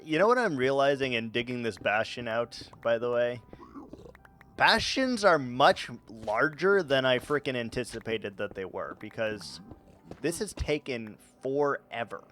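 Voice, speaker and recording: Slow-talking joking gamer man. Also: mid-range voice, animated, a bit bright, slight background noise. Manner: joking, rambling, laughs often. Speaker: streamer. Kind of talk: casual gaming stream chat.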